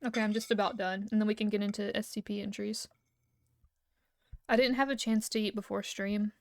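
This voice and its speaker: A young woman streamer with a mid-range voice talks fairly quickly in a relaxed, rambling livestream chat. She eats as she goes, humming and giggling often between thoughts.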